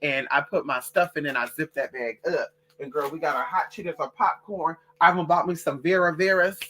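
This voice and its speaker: A woman's voice: deep voice, a little fast, a bit bright. A woman hosting a casual livestream, talking bluntly and with plenty of profanity while reading out and answering her viewers' comments. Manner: reads out and answers chat comments. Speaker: livestream host.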